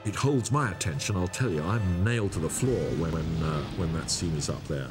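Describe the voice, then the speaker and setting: A man's voice: sits low, a little fast. A man, a filmmaker, speaking emphatically and forthrightly in an interview. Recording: interview with music under it.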